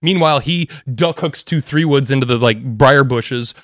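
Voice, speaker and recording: A man, a golf caddie, telling stories in an animated, laughing, casual chat. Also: mid-range voice, no echo, clean studio sound. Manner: animated, quick, laughing storyteller.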